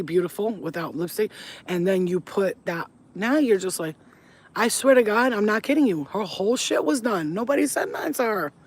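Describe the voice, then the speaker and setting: A woman with a deep voice, a spiritual reader, ranting bluntly and with plenty of swearing in a casual vlog. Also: darkish tone, husky. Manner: blunt, profane, emphatic. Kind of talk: casual to-camera vlog rant. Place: at home, smoking on camera.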